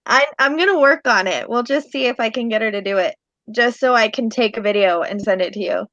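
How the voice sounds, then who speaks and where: A woman's voice: fairly high pitch, brisk, fairly bright tone, no room sound, dull audio. A woman comedian and show regular, chatting and laughing over a video call. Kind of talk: casual chat.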